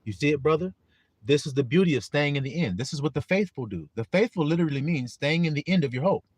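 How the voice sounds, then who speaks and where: A man preaching informally on a live stream, animated and profane, breaking into shouts and acting out voices. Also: on the high side, quick pace, breathy edge, no room sound. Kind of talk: informal street-style preaching.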